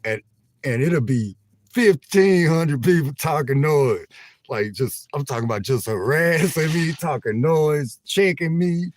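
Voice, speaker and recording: An older man chats casually to his viewers in an animated, laughing way, often repeating himself. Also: a little high, measured pace. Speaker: vlogger livestreaming. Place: inside a van.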